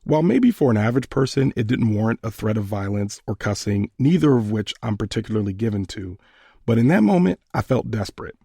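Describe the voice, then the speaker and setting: A man hosting a podcast, retelling a personal story in a measured, earnest way. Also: fairly low pitch, lively intonation, vocal fry, dark tone, breathy edge, dry recording, clean studio sound.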